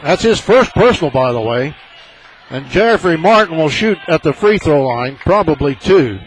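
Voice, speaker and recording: A man calling a high school basketball game on local radio, partisan and excitable, his voice jumping up on big plays. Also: normal speed, slightly rough, poor audio. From southern Illinois. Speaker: play-by-play announcer.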